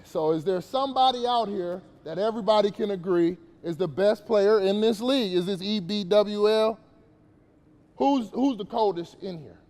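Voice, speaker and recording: A man's voice: high voice, darkish tone, long reverb tail. A man giving a casual, slangy motivational talk to young players at a basketball camp, questioning the kids as he goes.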